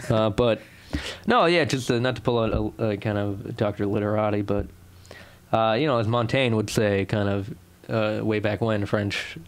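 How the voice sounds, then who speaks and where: A young man with a Boston accent co-hosting a podcast in casual banter, rambling with lots of fillers and restarts. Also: fairly low pitch. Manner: rambling, many fillers and restarts, laughs often. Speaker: podcast co-host.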